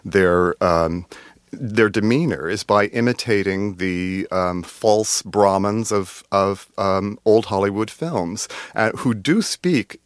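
A man with an affected, refined British-tinged American accent, a memoir author reading his work and answering interview questions in a deliberate, artificial delivery with frequent hesitations. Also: fairly low pitch, clear, resonant tone, dry recording, clean studio sound. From United States.

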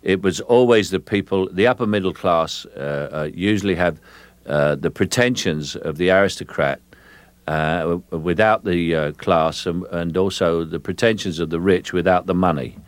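An older man from England, interviewed as an actor on the radio, speaks in a very deep voice. He is slow and measured, often repeating words as he gathers his thoughts. The sound is dry and close. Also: dry recording.

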